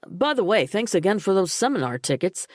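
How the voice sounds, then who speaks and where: A woman doing a measured male police detective. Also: medium pitch, very animated, darkish tone, dry recording, studio quality, voice pushed up, lightly acted. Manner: measured and deferential.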